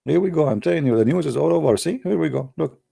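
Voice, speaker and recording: Vlogger, male, from the Arab world; teasing, mellow, dry sound. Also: fairly high pitch, animated, fast, creaky, no echo. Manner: teasing, chuckling asides. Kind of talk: casual joking commentary.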